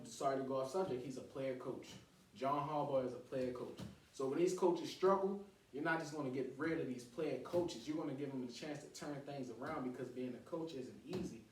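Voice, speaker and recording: A man's voice: mid-range voice, a little hiss or hum. A man hosting a casual sports talk show, opinionated and full of slang. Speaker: podcast host. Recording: echoey room, mic at a distance.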